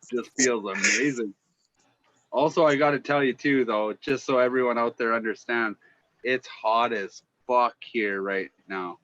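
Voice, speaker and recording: A man with a Minnesota-style accent chats as a podcast guest, animated and swearing casually. His voice is bright and forceful. It comes through dry, muffled call audio. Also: mid-range voice, dry recording. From Northwestern Ontario, Canada. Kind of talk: casual chat.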